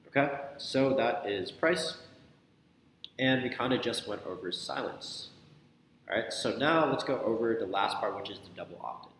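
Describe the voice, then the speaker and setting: A young man coaches sales in a casual, energetic way, acting out both caller and prospect as he goes. His voice sits at an ordinary pitch and rings through a bare room with a long reverb tail. A faint room hum sits behind him. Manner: energetic, repetitive, acts out both sides of the call. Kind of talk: casual instructional talk.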